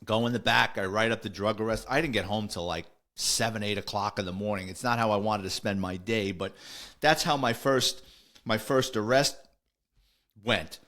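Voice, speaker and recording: A man's voice: lowish voice, normal speed, a bit bright. An older man, a retired police officer telling stories on a podcast in a rambling way, full of fillers and self-corrections. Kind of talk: casual storytelling.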